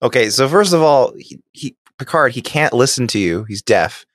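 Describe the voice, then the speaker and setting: A man's voice: medium pitch, animated, moderate pace, fairly bright tone, faint music behind. A man co-hosting a podcast, chatting casually and enthusiastically, explaining his points with asides. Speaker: podcast co-host. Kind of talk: casual chat.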